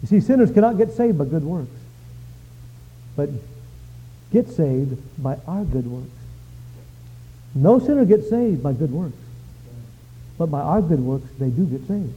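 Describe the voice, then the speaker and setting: A male pastor preaching a sermon, telling stories with lively swings from quiet to shouting. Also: a little high, a little slow, long pauses, breathy edge. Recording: dull lo-fi sound.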